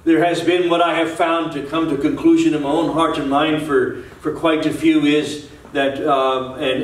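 A man's voice: on the high side, little pitch movement, moderate pace, hardly any pauses, distant mic. A male pastor preaching an earnest sermon, repeating and restarting phrases as he builds his points. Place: church sanctuary. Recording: echoey church, voice from off-mic.

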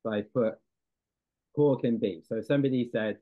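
A man's voice: fairly low pitch, a little fast, dry recording. A man giving a lecture, explaining patiently with frequent ums and uhs and checking whether his audience follows. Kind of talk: classroom lecture. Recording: dry, tinny phone-like sound.

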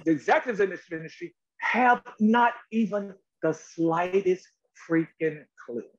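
Emphatic high-voiced man telling stories. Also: a little slow. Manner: lively, emphatic, acts out quotes in higher voices. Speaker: actor guest. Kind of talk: animated interview storytelling. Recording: slightly dull lo-fi audio.

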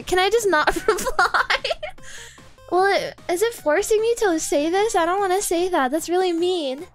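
A woman's voice: extremely high pitch, moderate pace, faint music behind. A woman streaming a game, reacting in a giggly, flustered way. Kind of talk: casual game-stream commentary.

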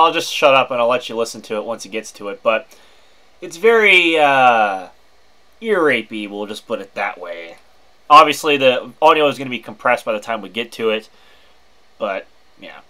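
A man narrating a screen-recorded software walkthrough in a chatty, informal way with wry asides. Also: mid-range voice. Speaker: tech video host.

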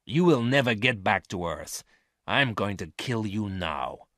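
A man voicing a scheming male space thief who speaks sharply and forcefully, in a dry, close recording. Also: fairly low pitch, lively intonation, measured pace, dry recording. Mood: menacing.

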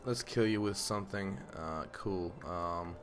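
A man's voice: sits low, a little slow, background noise. Young man swearing through game commentary. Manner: profane, swears constantly at enemies; swings from muttering to loud outbursts. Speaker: gameplay commentator. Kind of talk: live gameplay commentary. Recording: loud game music behind the voice. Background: loud game music.

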